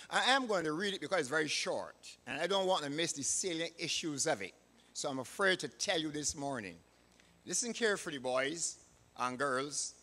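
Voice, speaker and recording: A man with a Barbadian accent, a church elder, preaching a sermon in a measured, emphatic way. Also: on the high side, pushed and bright. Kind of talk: sermon with a read-aloud story. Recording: reverberant hall.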